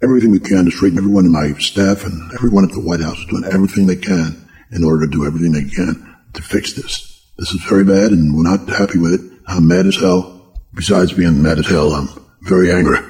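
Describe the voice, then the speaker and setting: A man's voice: low voice, fast talker, darkish tone, close to an everyday voice. A man voicing a flustered male president in a prank-call spoof, rambling and repeating himself.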